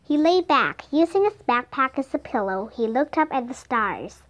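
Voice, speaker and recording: A woman with Vietnamese as her first language reading a children's audiobook aloud in a slow, clear, expressive way. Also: high-pitched. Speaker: storybook reader.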